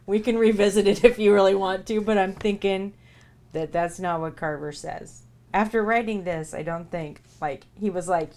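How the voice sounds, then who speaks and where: Woman live-stream host, casual and playful, mid-pitch, close mic. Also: normal speed, a little mellow. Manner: playful, jokey, laughs often. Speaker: livestream host. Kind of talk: casual live-stream chat and reading aloud.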